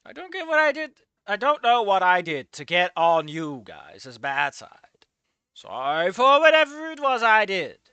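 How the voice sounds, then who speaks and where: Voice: medium pitch, sing-song, unhurried, bright, forceful tone, clear, resonant tone, no room sound. A streamer voicing an insecure young man in a game, hesitant and stammering. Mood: hurt. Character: insecure young male protagonist, awkward and meek.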